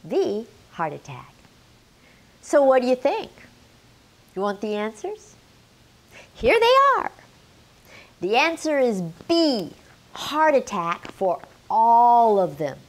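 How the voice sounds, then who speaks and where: A middle-aged woman gives a health lesson to camera, leaning hard on key words as she quizzes her viewers. She talks slowly, and her pitch swings widely up and down. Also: darkish tone. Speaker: menopause health educator.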